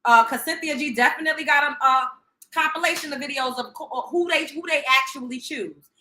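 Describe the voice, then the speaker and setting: A woman's voice: high-pitched, brisk, bright, forceful tone. A woman hosting a livestream, reacting in a profane, sarcastic, emphatic rant. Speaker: livestream host. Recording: roomy echo.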